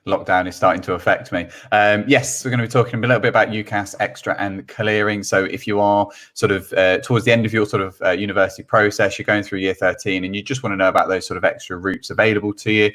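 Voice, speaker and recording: A man presenting for a university, talking in a relaxed way with lots of "uh" and "sort of". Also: lowish voice, fast. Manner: hesitant with fillers. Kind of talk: casual presenting.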